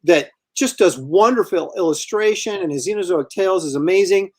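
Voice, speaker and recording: A man's voice: high-pitched, fairly quick. A man hosting a live stream, chatting casually and teasing his guest. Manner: joking, teasing, relaxed. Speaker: host.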